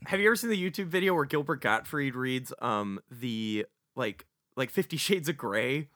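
Man co-host, animated bright joker, dry sound. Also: medium pitch, dry recording. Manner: quick, joking, animated. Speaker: podcast co-host. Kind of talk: casual comedy podcast chat.

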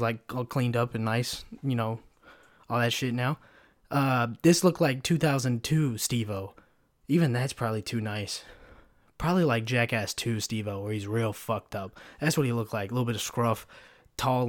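A young man hosting a solo podcast, rambling through a story with constant swearing and fillers, close on a pop-filter mic. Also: medium pitch. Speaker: podcast host. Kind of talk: casual solo podcast rant.

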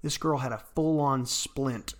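A man's voice: medium pitch, fairly even intonation, unhurried. Man telling a rambling story. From Arkansas. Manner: rambling, laughs through his stories. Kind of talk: casual storytelling chat.

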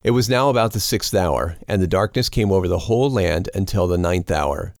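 A man giving a steady, measured scripted scripture reading as an audiobook narrator, close on a studio mic. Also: low voice, vocal fry, no echo.

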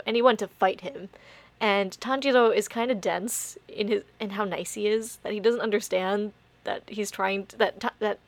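A young woman co-hosts a podcast in casual chat, swearing freely and laughing often. Her voice is medium-pitched and the recording has no echo.

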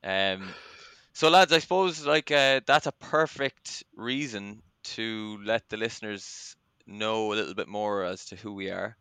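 A man's voice: fairly low pitch, a little slow, sharp tone, smooth, dry recording. An Irish man hosting a casual podcast chat, chatty and self-deprecating, with plenty of ums. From Ireland. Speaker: podcast host.

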